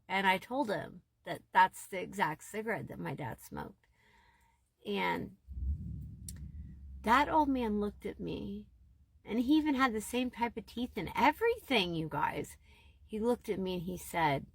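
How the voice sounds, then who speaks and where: Husky woman telling a storytime vlog. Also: mid-range voice, expressive, measured pace, dry recording. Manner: emotional, rambling, addresses viewers as you guys. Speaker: TikTok storyteller. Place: Southwest Florida.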